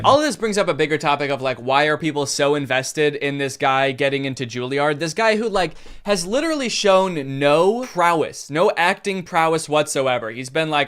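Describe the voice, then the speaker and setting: A young man giving animated comedic commentary, often slipping into exaggerated mock voices. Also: a little high, normal speed, hardly any pauses, smooth, faint music behind.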